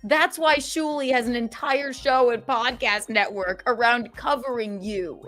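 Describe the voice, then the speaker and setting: As a streamer and podcast host on a casual livestream, a woman reads super chats aloud and vents sarcastically, cursing freely. She swings from loud outbursts to low mutters at an unhurried pace, with soft music in the background.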